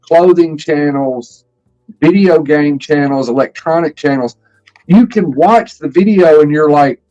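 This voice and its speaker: A man with a slightly high voice talks in a casual stream chat. He rambles earnestly and swears freely. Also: unhurried, mellow, muffled recording, faint music behind.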